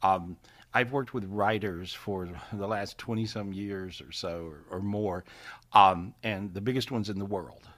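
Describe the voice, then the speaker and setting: A man with a somewhat low voice leads a live spiritual healing session over a video call. He talks in a folksy, repetitive way and laughs easily. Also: measured pace. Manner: warm, folksy, repeats phrases, laughs often.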